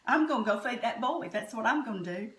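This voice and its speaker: A woman's voice: fairly high pitch, animated, fairly quick. A middle-aged woman with a Southern American accent, chatting homey and folksy while cooking in her home kitchen. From Southern United States. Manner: homey, chatty, warm-hearted storytelling. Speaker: home cook host. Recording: echoey kitchen room.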